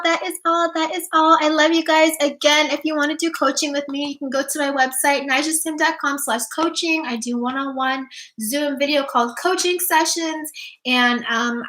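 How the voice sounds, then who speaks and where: A woman's voice: high-pitched, sharp tone, reverberant. A woman life coach on a livestream, gushing and enthusiastic, full of "like". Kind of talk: livestream motivational talk.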